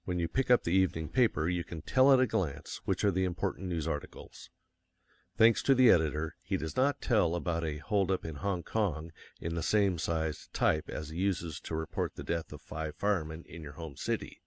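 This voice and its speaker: A man reading a nonfiction book aloud as an audiobook narrator, measured and stressing key words. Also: sits low, expressive, no echo. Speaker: audiobook reader. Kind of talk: scripted narration.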